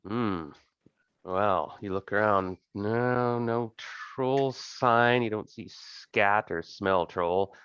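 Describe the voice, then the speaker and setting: A man narrating as game master of an online tabletop game, relaxed and rambling with many fillers. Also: lowish voice, very slow, clear, resonant tone, muffled recording.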